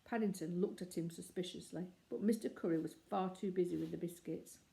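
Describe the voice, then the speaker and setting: A woman reading a children's storybook aloud with lively character voices. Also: on the low side, a little fast, gravelly, rough recording. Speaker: narrator.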